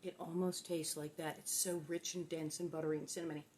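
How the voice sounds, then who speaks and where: A woman's voice: low-pitched, little pitch movement, fast talker, darkish tone, slight background noise. A woman hosting a casual home cooking demo in her kitchen, chatty and playful, exclaiming often. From Los Angeles. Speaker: cooking show host.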